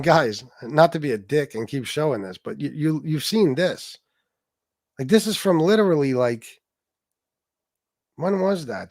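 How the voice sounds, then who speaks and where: Male streamer, angry profane rant, slightly high voice, dry recording. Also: darkish tone, dry recording. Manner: profane, aggressive, talks to chat. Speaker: livestream host. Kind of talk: heated livestream rant.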